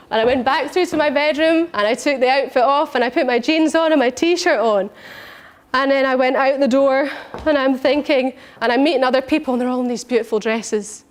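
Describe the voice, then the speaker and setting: A woman with a high voice tells a personal story as a coach. She is animated and lively, and she slips into little voices to act out her thoughts. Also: brisk.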